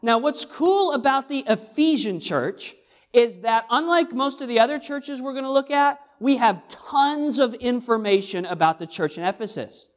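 This man has a very high, expressive voice at normal speed. He's a pastor preaching a sermon in church, earnest and emphatic, leaning on repeated phrases and rhetorical questions.

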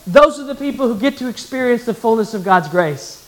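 A man's voice: extremely high pitch, expressive, normal speed, hardly any pauses, a bit bright, poor audio. A male pastor preaching a sermon, emphatic and calling on the congregation to answer back. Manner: emphatic, calls for congregation response.

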